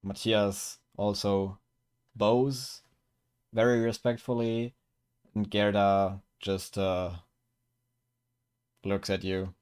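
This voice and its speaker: A man narrating a tabletop game as game master, unhurried and pausing with fillers. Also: on the low side, steady tone, a little mellow, clean tone.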